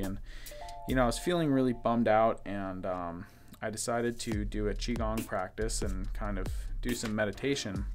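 Low-voiced young man rambling over background music. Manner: rambling, relaxed, frequent fillers. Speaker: card-opening host. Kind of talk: casual story time while opening cards. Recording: music playing clearly behind the voice.

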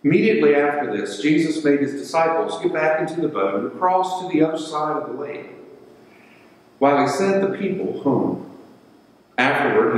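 A male pastor giving a sermon and reading scripture in a measured, deliberate way, sometimes repeating words. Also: a little high. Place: church sanctuary. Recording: echoey church hall from far off.

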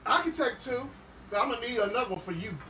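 A woman's voice: a little high, animated, fast talker, sharp tone, distant mic. A woman playing Alicia, a sassy young woman lost in a strange world, exclaiming and calling everyone girl and honey in a comedy sketch. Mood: sassy, bewildered. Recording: roomy sound from off-mic with clear noise.

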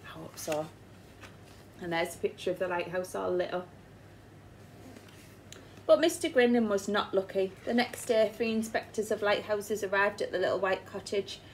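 A woman's voice: medium pitch, moderate pace, a little hiss or hum, poor audio. A woman teacher with an English accent reading a picture book aloud to children and asking them questions along the way. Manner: asks the listening children questions. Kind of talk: storybook read-aloud.

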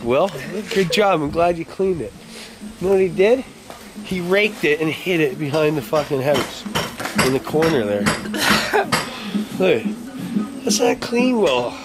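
A man filming a casual vlog, brash and teasing, swearing constantly. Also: on the high side. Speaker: work crew boss filming a vlog. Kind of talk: profane casual chat. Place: outdoors at a work site and in a car. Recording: loud outdoor and traffic noise.

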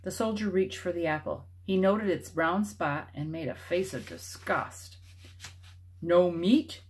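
A woman reads a children's novel aloud in a slightly low voice. Her reading is expressive and shifts with the story. It has the feel of a read-aloud meant for kids at home. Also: a little slow. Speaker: storybook reader.

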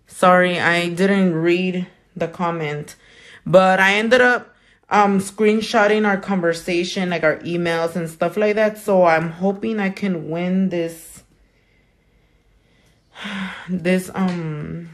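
A woman nail technician in casual livestream chat while doing her nails, blunt and profane as she vents. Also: lowish voice. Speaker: nail technician and small business owner.

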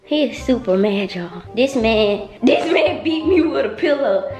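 A woman's voice: a little high, lively intonation, a little slow. A young woman filming a prank vlog at home, teasing her boyfriend in slangy, repetitive talk. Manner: teasing, repeats herself, slangy. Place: home, indoors. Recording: echoey room with music underneath. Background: background music.

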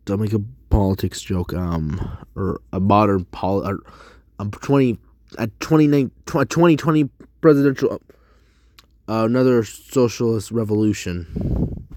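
A man rambling to his viewers while he works through a language lesson, haltingly repeating words and correcting himself. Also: lowish voice, expressive, a little mellow, no echo. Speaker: vlogger. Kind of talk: rambling commentary while doing a language app.

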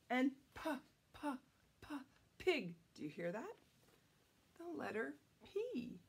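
Storytime lady reading to little kids, high lively voice going all over the place, slow and teacherly. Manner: playful, teacherly, sounds out letters slowly for kids. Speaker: children's storytime reader. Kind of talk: reading a picture book aloud to young children.

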